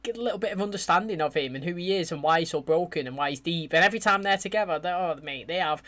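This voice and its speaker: A man from England, chatting casually and excitedly as he reacts to a TV episode. He talks in lively slang and swears freely. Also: a little high, fast. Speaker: TV reaction youtuber.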